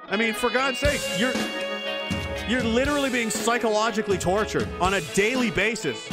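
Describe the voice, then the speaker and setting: A man hosting a livestream, talking casually and reading out viewer comments, ranting and swearing. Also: high-pitched. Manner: profane, ranting, mocking voices. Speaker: livestream host.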